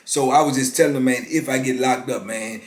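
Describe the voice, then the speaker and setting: A man's voice: mid-range voice, steady tone. Man, 50s, laid-back storyteller, mid-range voice, roomy recording. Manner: laid-back, drawn-out, peppers talk with "man". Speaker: former prisoner telling his story. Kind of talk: casual storytelling. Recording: roomy echo.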